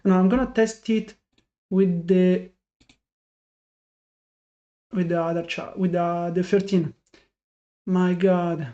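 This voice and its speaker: A man's voice: high voice, little pitch movement, slow, long pauses, dark tone. A man streaming his live day trading and talking to his chat, frustrated and self-critical, thinking aloud with many restarts. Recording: dull lo-fi sound.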